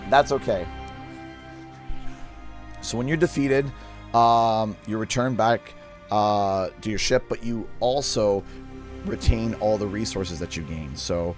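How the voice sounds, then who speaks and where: Hoarse Canadian streamer, low voice. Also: male voice, slow pace, long pauses, music in the background. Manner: excitable, yelps and shouts at the game, then talks low. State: hoarse, losing his voice. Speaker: gaming livestreamer. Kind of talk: live gameplay commentary.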